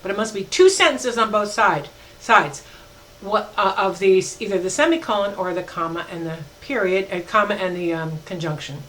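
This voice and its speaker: A woman's voice: mid-range voice, a bit bright, rough recording. Emphatic woman professor giving a lecture. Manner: emphatic, slows down to spell out examples; self-correcting, with fillers. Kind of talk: recorded lecture.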